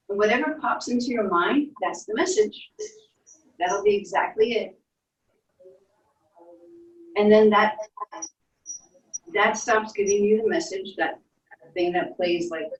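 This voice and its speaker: A woman leading children through a guided imagination story, in a soft, playful storytelling way with little sound effects. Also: mid-range voice. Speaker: instructor leading a guided visualization. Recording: echoey room, distant from mic.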